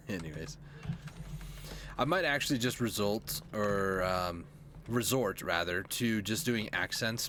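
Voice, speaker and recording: A man's voice: fairly low pitch, a bit bright, a little hiss or hum. A young man chatting casually to viewers as he streams a horror game, joking asides. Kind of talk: casual gameplay commentary.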